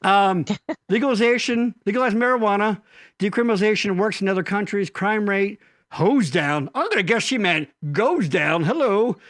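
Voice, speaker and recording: A man's voice: high-pitched, lively intonation, moderate pace, fairly bright tone, no echo, clean studio sound. A man hosting a podcast in casual chat who rambles, restarts sentences and jokes with profanity. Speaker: podcast host.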